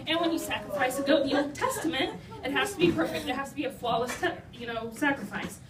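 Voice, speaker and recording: A woman's voice: sits high, expressive, fast, a crowd in the background. A young woman telling funny stories about her own life to a live audience, self-deprecating and chatty, full of "like" and "you know.". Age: young adult. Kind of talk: humorous personal storytelling. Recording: roomy, distant mic, noisy.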